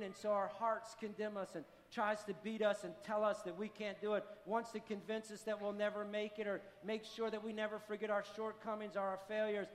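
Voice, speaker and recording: A pastor gives an impassioned sermon, hammering his points home with repeated declarations. His voice is high-pitched and level-toned, fairly quick with few pauses. The recording has long hall reverb and faint music.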